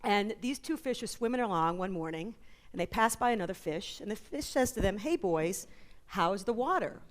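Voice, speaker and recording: A woman talks on a conference stage at a middle pitch. She tells stories in an animated way and drops in quick jokes and asides. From New York, USA. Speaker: author and psychologist guest. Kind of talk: conference interview talk.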